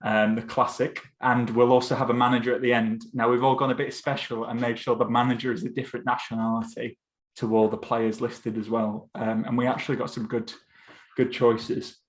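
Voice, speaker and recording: A man's voice: medium pitch, little pitch movement, a little fast. Chatty Essex-accented young man. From England. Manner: chatty, loose, swears casually. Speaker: podcast host. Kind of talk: casual chat.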